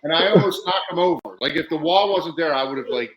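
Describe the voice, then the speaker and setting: This podcast guest speaks fast in a fairly high male voice, and the recording is very noisy with the highs cut off. Laughing through his wrestling stories, he acts out other people's quotes with lively energy.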